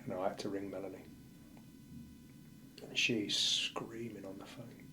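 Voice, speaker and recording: Low-voiced man retelling a loss bluntly. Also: level tone, unhurried, pauses often, background noise. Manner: blunt, vivid retelling that acts out the dialogue. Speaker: firefighter guest. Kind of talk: emotional personal storytelling.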